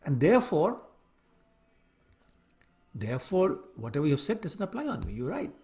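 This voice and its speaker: A man playing a calm, detached sage. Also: fairly high pitch, moderate pace.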